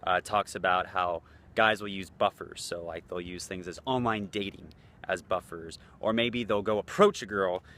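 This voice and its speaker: A man's voice: low voice, moderate pace, fairly bright tone, slight background noise. A man talking as a dating coach in a loose, blunt, casual way, swearing freely. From United States. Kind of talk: casual talking-head vlog.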